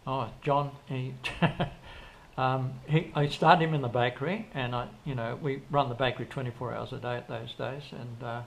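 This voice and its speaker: A gravelly older man, interviewed casually, tells long rambling stories full of restarts and quoted dialogue. His medium-pitched voice keeps a steady tone at normal speed, with faint background noise present.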